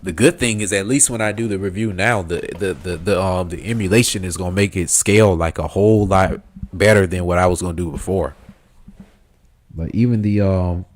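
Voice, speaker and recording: A man's voice: deep voice, fairly quick. A man streaming a video game, chatting in a rambling, casual way with lots of fillers and swearing. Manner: rambling, filler-heavy, laughs easily, swears. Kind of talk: casual gameplay commentary.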